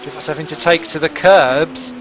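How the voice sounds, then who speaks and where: A man giving lively, jokey play-by-play commentary on a sim race broadcast. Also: a little high, moderate pace, lo-fi sound, noisy background. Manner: excitable, jokey, chatty play-by-play. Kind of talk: live sim racing commentary.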